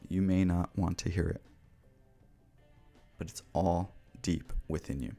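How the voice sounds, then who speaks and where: A man's voice: low voice, little pitch movement, unhurried, vocal fry, mellow, faint music behind. A podcast host talking earnestly and directly to the listener as he gives motivational advice. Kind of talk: motivational talk.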